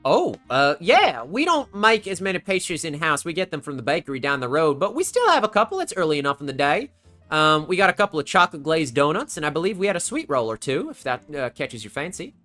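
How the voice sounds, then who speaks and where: A woman's voice: low-pitched, big pitch swings, fast talker, fairly bright tone, soft background music. Woman playing a folksy, doting diner owner. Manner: drawling, calls everyone sweetie and hon.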